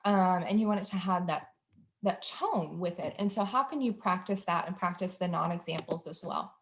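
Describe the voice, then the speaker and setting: A woman's voice: lowish voice, normal speed, a little hiss or hum. A woman hosting an instructional talk for parents. She explains behavior strategies in a conversational way, with frequent ums and uhs. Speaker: behavior specialist host.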